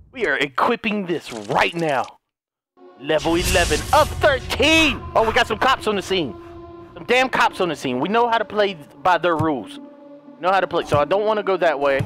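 Hyper gamer dude yelling at the game, high voice, bouncy, music under it. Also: male voice, normal speed. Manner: excitable, shouting, laughing, talking to game characters. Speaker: gaming commentator. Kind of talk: let's play commentary.

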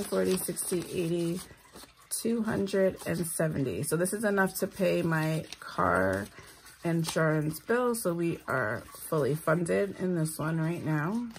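A woman's voice: lowish voice, vocal fry, slight background noise. A tired woman, talking casually while counting out cash for her budget and making self-deprecating asides. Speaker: budgeting vlogger, single mother.

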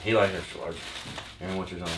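A man's voice: low-pitched, steady tone, fast, fairly bright tone. A man hosting a casual vlog, reading fan mail aloud and teasing his friends. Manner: teasing, jokey, reads letters aloud. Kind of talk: casual chat. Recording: roomy echo, distant mic, background noise.

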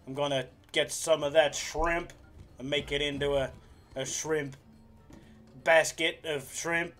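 A man's voice: on the high side, fairly bright tone. A man putting on a rambling American trucker. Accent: put-on American. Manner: rambling, jokey, deliberately clumsy. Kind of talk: casual live stream.

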